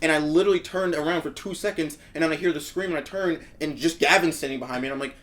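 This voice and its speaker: Young guy ranting fast on a podcast, high voice bouncing all over. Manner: fast, animated ranting and complaining. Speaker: podcast co-host. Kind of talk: casual chat.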